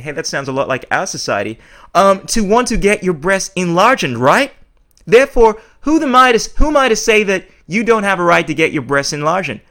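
A man's voice: on the high side, fairly bright tone. A man hosting a podcast, delivering a blunt, opinionated monologue full of swearing. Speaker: podcast host.

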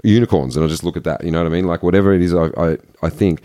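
A man's voice: deep voice, very fast. A man guesting on a podcast, chatting casually and telling stories in a rambling, emphatic way. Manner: rambling, animated storyteller, emphatic. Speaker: podcast guest, poet and yogi. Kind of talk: casual conversation.

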